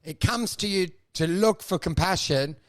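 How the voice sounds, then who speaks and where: A man co-hosting a podcast in casual comedic chat, riffing and acting out absurd scenarios in shrill voices. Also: normal speed. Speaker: podcast co-host.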